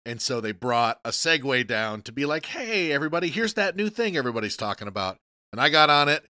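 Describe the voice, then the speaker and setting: A man co-hosting a podcast in casual chat, rambling and profane with many halting restarts. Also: mid-range voice, sing-song, sharp tone, smooth, no echo, clean studio sound. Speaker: podcast co-host.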